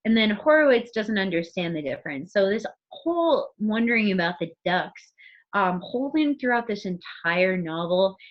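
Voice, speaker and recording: A woman's voice: medium pitch, expressive, moderate pace. A woman teacher co-hosting a casual literature podcast, thinking aloud and reading passages from the book. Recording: muffled recording.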